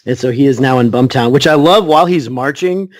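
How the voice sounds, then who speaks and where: A man co-hosting a podcast, tossing in quick wisecracks during casual chat. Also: mid-range voice, no echo. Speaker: podcast co-host.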